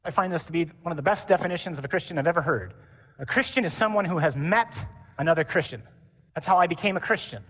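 A man preaching as a priest to a conference, lively and animated, mimicking voices for effect. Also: a little high, fast talker. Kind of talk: conference sermon. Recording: hall reverb.

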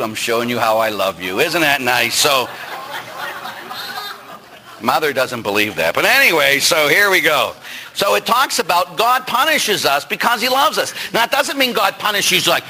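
A Catholic priest giving a sermon, animated and joking, often putting questions to his listeners. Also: a little high, moderate pace, a little hiss or hum.

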